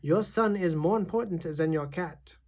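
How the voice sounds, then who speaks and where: A calm, wry old grandmother in a storybook, speaking slowly and evenly, as a woman reader puts her on. She never raises her voice. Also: on the low side. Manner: calm, measured, unhurried.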